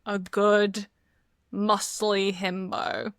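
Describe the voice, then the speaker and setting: A woman's voice: medium pitch, level tone, extremely slow, smooth, dry recording. Woman, podcast guest, casual rambling chat, frequent laughter, dry close sound. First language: not English. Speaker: podcast guest, dungeon master.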